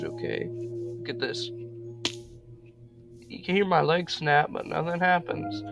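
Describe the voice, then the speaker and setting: A young man giving casual, profane commentary while playing a video game, with loud outbursts. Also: fairly high pitch, expressive, slow pace, creaky, pauses often. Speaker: gamer. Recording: loud game music behind.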